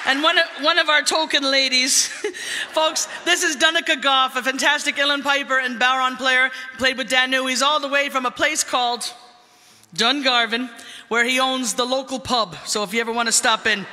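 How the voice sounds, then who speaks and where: A man from the Bronx introducing musicians on stage, joking loudly with stumbles, in a live concert hall. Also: extremely high pitch, steady tone, normal speed. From the Bronx, New York. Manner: joking, loud emcee patter with stumbles. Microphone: stage microphone. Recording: live hall with crowd and long reverb.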